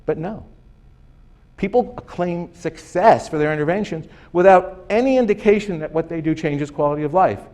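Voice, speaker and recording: In a conference hall, a man delivers a lecture presentation with emphasis and sarcasm, posing rhetorical questions. His voice is a little high and darkish in tone, and he speaks at a normal speed.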